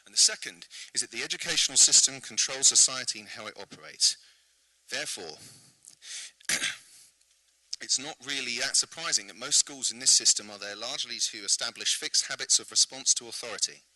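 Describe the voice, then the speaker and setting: An earnest man from the UK delivers a prepared presentation with rhetorical questions. His voice is very bright and crisp. The sound is dry and close. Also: medium pitch, fairly quick, no room sound, poor audio. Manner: earnest, rhetorical, clears throat often. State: slightly out of breath. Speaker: invited speaker. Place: event venue.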